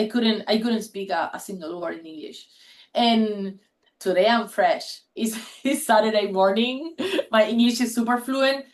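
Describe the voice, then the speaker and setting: A woman's voice: medium pitch, low-quality recording. A woman whose first language is Spanish, telling stories in a casual panel talk on a video call, often restarting her sentences. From Spanish-speaking country. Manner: animated storytelling with many restarts. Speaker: panel speaker.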